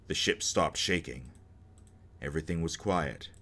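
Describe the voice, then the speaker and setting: A man's voice: a bass voice, measured pace, pushed and bright. A man reading game text aloud and cracking jokes between the lines as he plays. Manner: joking asides between dramatic narration. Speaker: let's play host.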